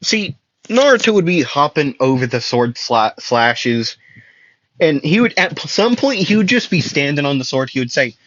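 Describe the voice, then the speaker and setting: A man's voice: a little high, very animated, normal speed, fairly bright tone, dry recording, highs cut off. A young man improvising an anime fan story, rambling with many fillers and restarts and laughing at his own jokes. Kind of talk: improvised fan story, voicing characters loosely.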